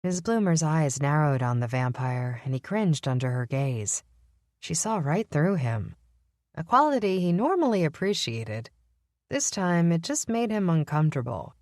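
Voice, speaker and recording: Lady reading a novel out loud, low voice, measured, dead dry sound. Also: big pitch swings, no echo. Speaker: audiobook narrator. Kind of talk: scripted narration.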